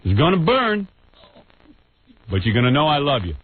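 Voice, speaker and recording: Male radio host, taunting and crude, lively swooping pitch, tinny phone-like sound, faint hiss. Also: normal speed, no echo. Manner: taunting, crude, mock-menacing.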